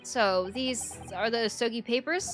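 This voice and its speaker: A woman's voice: on the high side, expressive, moderate pace, a bit bright, soft background music. A woman reading the lines of an earnest young male defense lawyer from a video game in her own voice. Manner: earnest, questioning. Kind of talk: reading game dialogue aloud.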